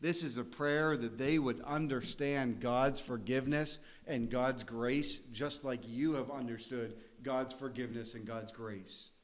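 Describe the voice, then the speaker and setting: A man preaching a sermon in a church. He speaks earnestly and conversationally in a mid-pitched voice, sometimes laughing and rising to emphasis. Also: fairly even intonation, a little slow, hardly any pauses. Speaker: pastor.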